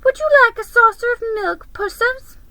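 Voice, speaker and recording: A woman doing shrill jeering storybook monsters. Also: expressive, unhurried, bright, forceful tone, no echo, exaggerated voice. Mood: taunting. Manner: shrill taunting, high-pitched. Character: jeering crowd of monstrous creatures, mocking.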